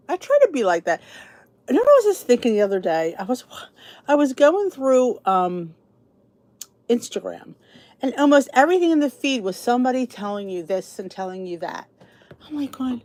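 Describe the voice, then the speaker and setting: With a Philly accent, this middle-aged woman from around Philadelphia hosts a podcast in a loose, chatty ramble, often restarting and going off on asides. She sounds a little high, sing-song and brisk, with a darkish tone and no room sound.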